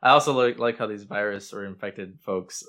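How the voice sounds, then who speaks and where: A man's voice: on the low side, moderate pace, fairly bright tone. A man co-hosting a casual movie discussion, laughing often and acting out characters' lines. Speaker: podcast co-host.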